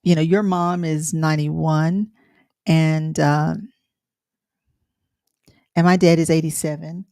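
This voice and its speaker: A woman's voice: deep voice, little pitch movement, takes it slowly, pauses often, mellow, no room sound, studio quality. A middle-aged woman co-hosting a livestream, chatting casually with many fillers and restarts. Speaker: co-host.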